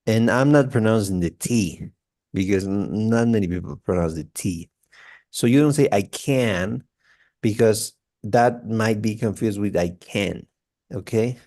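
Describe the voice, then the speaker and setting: A man's voice: lowish voice, normal speed, mellow. A man giving a one-on-one English pronunciation lesson, patiently repeating example sentences with many fillers. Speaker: English tutor.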